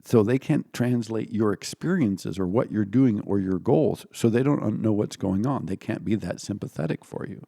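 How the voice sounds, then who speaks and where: A man's voice: fairly low pitch, moderate pace, vocal fry, few pauses, dark tone, no room sound, clean studio sound. A man giving an informal spoken philosophy lecture, digressive and self-correcting, now and then acting out the voices he quotes.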